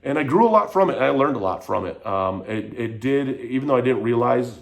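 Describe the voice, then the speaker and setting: A man's voice: mid-range voice, lively intonation, a little fast, creaky. A man frankly telling a personal story in a vlog, emotional and rambling, with lots of "like". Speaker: vlogger.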